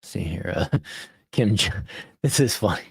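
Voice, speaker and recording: A man's voice: lowish voice, lively intonation, measured pace, gravelly, husky, no room sound, clean studio sound. A man hosting a podcast, reading social media posts aloud in casual political commentary, laughing often and stumbling over and correcting his reading. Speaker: podcast host.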